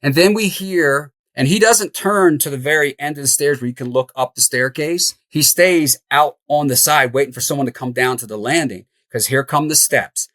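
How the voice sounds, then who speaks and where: A middle-aged man telling a story as an interview guest, animated and laughing as he goes. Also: on the high side, normal speed, hardly any pauses, no room sound. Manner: animated, laughs through the tale. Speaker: podcast guest, house flipper.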